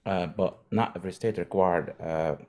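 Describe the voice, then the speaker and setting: A man's voice: sits low, steady tone, normal speed, a little mellow. A man in his thirties from Pennsylvania, calling in to debate, hesitant with many fillers. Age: 30s. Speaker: caller. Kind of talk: call-in debate.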